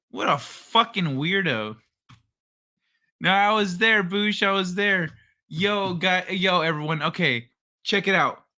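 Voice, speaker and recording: Male streamer, high bright voice, swears freely, laughs through stories. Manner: swears a lot, laughs while telling stories. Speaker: livestream host. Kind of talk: casual late-night stream chat.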